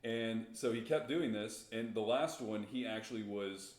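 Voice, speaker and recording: Low-voiced man telling a story. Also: normal speed, reverberant. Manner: rambling, restarts, chuckles while telling. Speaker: podcast co-host. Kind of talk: casual storytelling chat.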